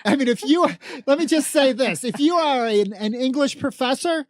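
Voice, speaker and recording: A middle-aged man from Chicago delivers a heated political monologue. He repeats himself and fires off rhetorical questions. His pitch swings widely, and the sound is dry and close. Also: animated, moderate pace, few pauses, no room sound. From South Side of Chicago. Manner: emphatic, repetitive, rhetorical questions. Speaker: political commentator.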